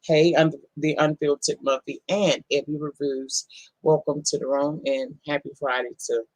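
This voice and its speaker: A woman's voice: low voice, steady tone, normal speed, darkish tone, no room sound, poor audio. A woman hosting a casual live-stream, greeting viewers one by one in a folksy, affectionate way. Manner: folksy, affectionate, calls people honey and baby. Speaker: livestream host.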